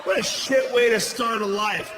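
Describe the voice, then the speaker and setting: A stand-up comedian shouts his way through a crude story in a very high, strained register. His voice rings through a big roomy theater, with the crowd's noise clearly under it. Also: moderate pace. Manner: loud, profane, animated storytelling with shouted punchlines. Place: large theater stage. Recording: roomy live theater sound with audience noise.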